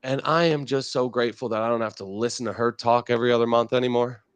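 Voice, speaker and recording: A brash man hosting a live market show, firing off loud, profane trade calls with excitable energy. His voice sits at an ordinary middle pitch. The sound is close and dry, with no room around it. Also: fast talker, smooth, no echo. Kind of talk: casual market chat.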